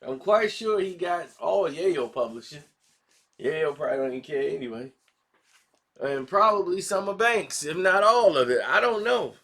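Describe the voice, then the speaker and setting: A man hosting a casual commentary vlog, talking in slangy, animated style and acting out quotes. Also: a little high, moderate pace, gravelly. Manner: animated, slangy, acts out quotes in other voices. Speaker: commentary channel host.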